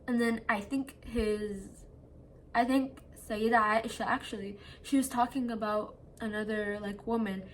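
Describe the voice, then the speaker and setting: A woman's voice: on the high side, steady tone, a little slow, a little hiss or hum. A young adult woman in a casual late-night chat to her phone camera at home, earnest and full of "like" fillers. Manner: chatty, many "like" fillers, earnest. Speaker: vlogger. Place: at home, seated indoors at night.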